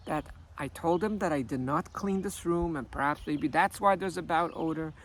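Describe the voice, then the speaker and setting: A man working as a life coach who tells a story in an animated way and acts out the dialogue. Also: a little high, moderate pace, hardly any pauses. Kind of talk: storytelling monologue.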